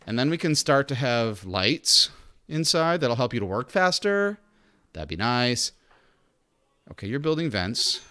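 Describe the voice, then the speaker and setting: Lively chatty male game streamer. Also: medium pitch. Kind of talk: casual gameplay commentary.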